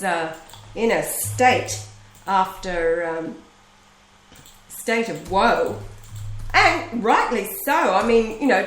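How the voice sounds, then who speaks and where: Slow, preaching woman in an echoey room. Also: mid-range voice. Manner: slow, emphatic preaching with long pauses. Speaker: online show host. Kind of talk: religious web show monologue.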